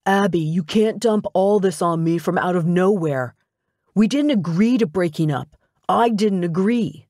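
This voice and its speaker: A woman's voice: lowish voice, lively intonation, moderate pace, dark tone, no echo, studio quality. A woman voicing a smug, pushy young ex-boyfriend who talks in a sing-song voice.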